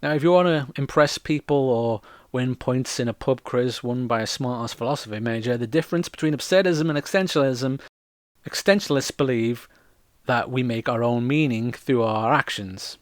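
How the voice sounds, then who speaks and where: A playwright walks through a theatre style in a relaxed, explanatory way, slipping wry jokes into the lesson. He is a man with a mid-range voice. The recording is dry and close, with no room sound. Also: mid-range voice, moderate pace, dry recording. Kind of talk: casual explanatory talk.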